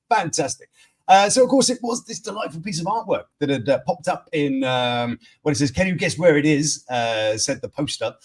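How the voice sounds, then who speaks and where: A man hosting a casual news stream, rambling with many fillers and restarts. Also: on the high side. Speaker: host. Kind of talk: casual live-stream chat.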